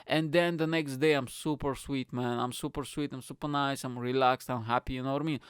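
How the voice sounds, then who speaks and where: A man's voice: mid-range voice, fairly quick, clean tone, no echo, studio quality. A man hosting a comedy podcast, ranting profanely in a casual monologue and calling the listener mate and bro. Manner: animated, profane, swearing ranter; tends to end lines with "mate" and "bro".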